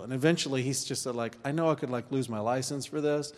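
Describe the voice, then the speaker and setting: A man teaching an informal church course, talking conversationally with pauses and reading scripture aloud. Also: mid-range voice, steady tone. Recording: long hall reverb.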